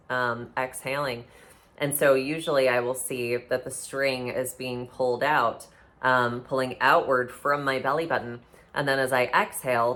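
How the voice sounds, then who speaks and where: Very low-voiced woman explaining calmly. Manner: earnest, restarts phrases, instructive. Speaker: podcast speaker on somatic healing. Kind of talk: casual explanatory talk.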